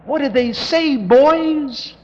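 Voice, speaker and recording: A male preacher voicing a calm teacher who questions his followers in a folksy way, in a reverberant church hall. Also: very high voice, slow pace, dull audio, pitched above the performer's own voice. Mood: questioning.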